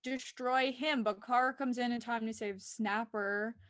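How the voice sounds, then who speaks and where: A woman's voice: fairly high pitch, steady tone, unhurried, fairly bright tone, no room sound, studio quality. A woman recapping a TV episode in casual chat, giggling and acting out the characters' lines as she goes.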